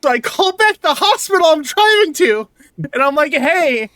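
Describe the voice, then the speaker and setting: A young man, a podcast co-host, telling a story in casual chat, animated and swearing as he vents. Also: very high-pitched, normal speed, dry recording.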